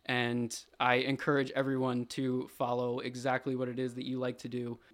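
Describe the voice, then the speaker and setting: A man's voice: mid-range voice, monotone, normal speed, a bit bright. A young man talking as a podcast guest in a studio, earnest and thoughtful, working his ideas out as he goes. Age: young adult. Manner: thoughtful, earnest, a bit rambling. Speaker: podcast guest, college athlete. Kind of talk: casual podcast chat.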